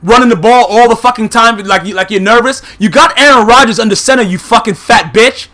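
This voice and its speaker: A man's voice: very high-pitched, expressive, a little fast, few pauses, fairly bright tone. A man giving a heated, profane recap of football games, blunt and full of filler phrases. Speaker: YouTube sports commentator.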